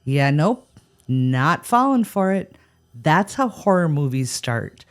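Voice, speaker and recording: A woman's voice: low voice, very animated, slow pace. A woman co-hosting a paranormal podcast, reacting with wry, sarcastic humor. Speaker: podcast co-host. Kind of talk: scripted paranormal podcast chat.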